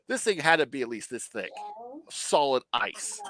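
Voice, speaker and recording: Podcast co-host, male, exasperated and foul-mouthed, very lively pitch. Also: moderate pace. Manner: profane, exasperated retelling with lots of fillers. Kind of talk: casual review chat.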